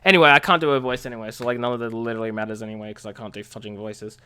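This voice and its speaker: A woman's voice: a bass voice, fairly even intonation, very fast, pushed and bright, clean tone. Stammering self-mocking woman streamer. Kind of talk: casual game-stream chatter.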